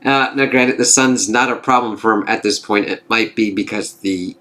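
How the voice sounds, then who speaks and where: A man's voice: lowish voice, moderate pace, bright, forceful tone. A man casually recapping a TV episode, rambling and swearing, full of filler phrases. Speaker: TV reviewer.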